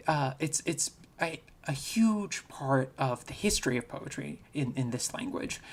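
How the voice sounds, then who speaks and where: A speaker giving a recorded virtual conference talk, explaining casually and thinking aloud with frequent restarts. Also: mid-range voice. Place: home, recorded remotely.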